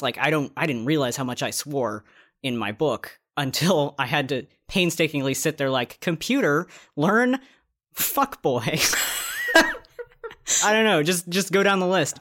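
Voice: mid-range voice, a bit bright. Young adult novelist, casual podcast chat: candid storyteller who laughs at themselves. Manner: candid, laughing, tells stories with self-mocking asides.

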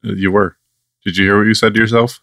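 A man's voice: fairly low pitch, level tone, fast, gravelly, sharp tone, no room sound. A man co-hosting a podcast in casual chat, making dry, wry, sleepy quips. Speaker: podcast co-host.

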